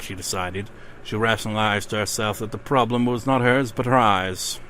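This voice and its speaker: A let's play gamer works through a horror game, reading its in-game ghost stories aloud and then ranting with swearing and laughter in casual commentary. His voice is on the low side and fairly bright, with fairly even intonation, a moderate pace, and slight background noise.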